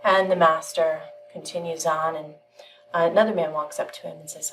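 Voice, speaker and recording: A woman giving a channeled spiritual teaching, telling a parable in a calm, measured way with frequent pauses. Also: sits low, distant mic, slight background noise, low-quality recording.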